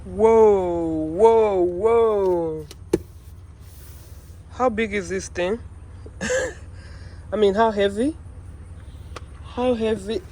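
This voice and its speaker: A delivery driver vlogging through a work shift, chatting to viewers and repeating phrases with excitement. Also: medium pitch, takes it slowly, pauses often, husky. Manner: excitable, repeats phrases, keeps saying "you guys". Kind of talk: casual vlog talking to viewers.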